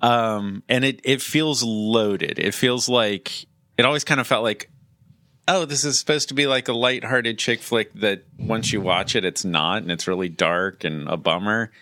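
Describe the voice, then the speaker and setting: A man co-hosting a casual podcast chat, animated and wry, musing aloud. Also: fairly low pitch, unhurried, no room sound. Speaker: podcast co-host.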